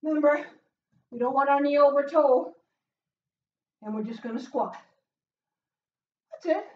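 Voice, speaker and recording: A high-pitched woman leads a workout while doing it herself, out of breath and cheering her viewers on. She is recorded from a distance in a small closed room, so her voice sounds roomy and a little dull. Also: unhurried. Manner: upbeat, cheering with loud whoops, breathless between exercises. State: out of breath from exercising. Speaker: fitness instructor. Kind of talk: live workout coaching.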